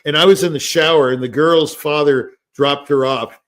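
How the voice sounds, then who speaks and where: A man's voice: fairly high pitch, fairly even intonation, moderate pace, a bit bright. An older man in casual discussion, telling rambling stories with many fillers and restarts. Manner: rambling, anecdotal, many fillers like "you know". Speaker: podcast host.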